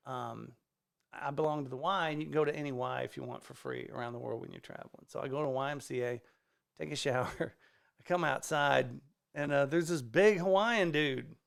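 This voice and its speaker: A man, a stand-up comedian, telling a casual story on a podcast, animated and swearing freely as he acts out the people in it. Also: a little high, a little fast, creaky, clean tone. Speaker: guest comedian. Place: podcast studio.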